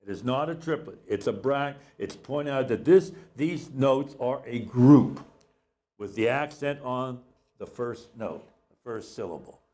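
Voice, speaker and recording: A man's voice: medium pitch, lively intonation, unhurried, mellow. A man teaching a recorded music lesson, explaining patiently, repeating key points and counting beats aloud.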